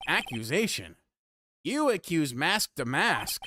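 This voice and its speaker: A man's voice: fairly high pitch, very animated, noisy background, pitched above the performer's own voice. A man doing a pompous, self-adoring detective. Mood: smug. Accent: Canadian. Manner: grandiose, theatrical, drawn-out. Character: pompous self-admiring adult male detective. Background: game music.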